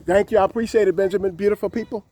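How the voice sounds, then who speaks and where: A man's voice: sits high, fairly even intonation, racing, background noise. A man talking to camera in a rambling, encouraging way, with many fillers, recorded outdoors. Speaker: vlogger. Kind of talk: casual talk to camera.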